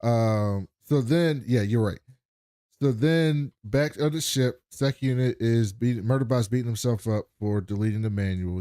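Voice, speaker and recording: A man's voice: medium pitch, moderate pace, dark tone, smooth, no echo, clean studio sound. A man co-hosting a podcast, animatedly retelling an episode and acting out the quotes in a casual chat. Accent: American. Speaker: podcast co-host.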